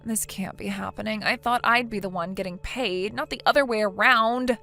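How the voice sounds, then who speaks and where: In this text-to-speech story, a synthetic female voice plays a naive young wife full of self-pity, pleading and hesitating. It's mid-range at a moderate pace, with vocal fry and a pushed, bright delivery over faint music.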